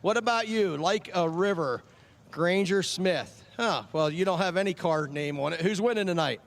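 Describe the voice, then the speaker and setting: A man with a high-sitting voice speaks at a normal speed. He's a track chaplain at an outdoor speedway, giving children ice cream vouchers and chatting with them over the PA in a friendly, joking manner, repeating their names.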